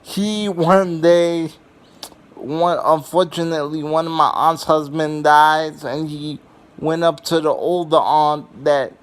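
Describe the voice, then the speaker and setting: A young adult male vlogger tells funny family stories in a casual, rambling way, swearing freely and restarting often while leaning on "you know" and "um." His voice is on the high side and clean in tone, slow, with fairly even intonation.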